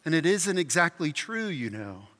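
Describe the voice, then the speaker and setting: A pastor voicing a gentle, patient man from heaven who speaks calmly and kindly to a ghost. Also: fairly high pitch, normal speed. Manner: calm, soft, kindly. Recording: reverberant hall.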